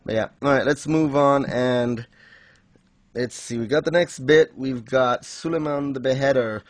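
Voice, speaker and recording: A man's voice: medium pitch, measured pace, dry recording. A man hosting a casual recap chat, laughing often and acting out quotes. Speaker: podcast host.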